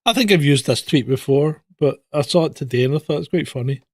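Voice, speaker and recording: A man's voice: on the high side, fast, darkish tone, dry recording. A man co-hosting a livestream news roundup, talking bluntly and sarcastically, swearing and laughing at his own jokes. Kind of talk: casual sarcastic banter.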